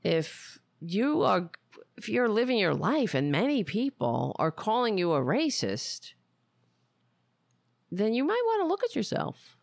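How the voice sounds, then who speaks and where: Blunt, creaky-voiced woman host. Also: medium pitch, huge pitch swings, a little slow, no echo, clean studio sound. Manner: blunt, profane, rambling with restarts. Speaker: podcast host. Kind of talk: casual political commentary.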